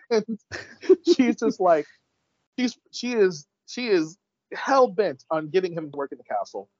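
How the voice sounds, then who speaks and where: A man's voice: high-pitched, big pitch swings, slow pace, a little mellow, dry recording. A man co-hosting a casual chat, eagerly recapping a story, swearing freely and acting out the characters' lines. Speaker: podcast co-host recapping an episode. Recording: dull lo-fi dry sound.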